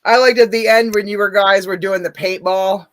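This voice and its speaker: A chat show host with a bright, forceful voice, gushing over a guest's looks and moments. The talk is loose, profane and full of laughter. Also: medium pitch, fairly even intonation, normal speed. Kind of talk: casual chat.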